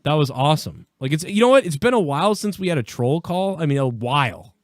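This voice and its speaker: A man's voice: on the high side, animated, quick pace, no echo, clean studio sound. Rambling man hosting a talk show. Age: 30s. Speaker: podcast host. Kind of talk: casual chat.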